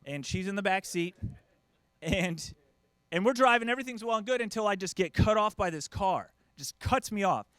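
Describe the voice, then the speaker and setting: His voice sits high and sounds clear and resonant, moving at a moderate pace with no room sound. A middle-aged man from the US performs stand-up, animatedly acting out relatives in quoted voices.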